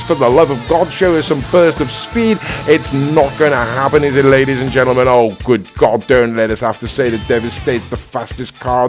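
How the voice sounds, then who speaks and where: A man giving mock-formal, theatrical gameplay commentary as a car reviewer. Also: medium pitch. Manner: theatrical, mock-formal, keeps saying "ladies and gentlemen". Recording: faint music behind.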